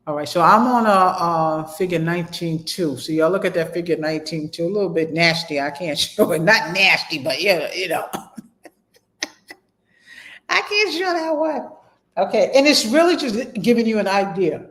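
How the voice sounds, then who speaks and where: A man with a high, brisk, slightly bright voice teaches a casual online medical terminology class. He reads from the textbook, then pauses to repeat and spell out key terms, chatting with his students and calling them "y'all."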